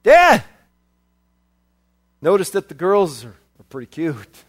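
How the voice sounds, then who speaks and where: A man doing young Solomon, a curious high boy. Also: wildly swooping pitch, takes it slowly, full character voice. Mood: teasing. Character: boyish King Solomon, twelve-year-old son, curious and teasing.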